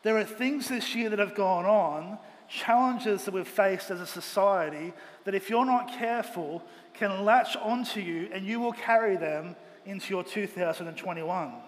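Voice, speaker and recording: A pastor preaching a Sunday sermon with earnest, emphatic delivery, speaking in a church auditorium. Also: male voice, high-pitched, moderate pace, few pauses. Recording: long hall reverb, faint ambient noise.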